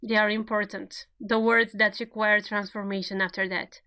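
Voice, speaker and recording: A woman giving a recorded grammar lecture, speaking slowly and deliberately as she works through each example. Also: medium pitch, flat delivery, sharp tone. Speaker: grammar teacher.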